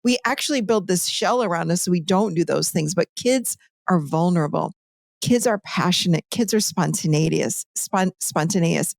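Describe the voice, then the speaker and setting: A woman as a podcast guest and author, explaining ideas with lively, animated storytelling in a conversational teaching style. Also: on the low side, moderate pace, creaky, no room sound, studio quality.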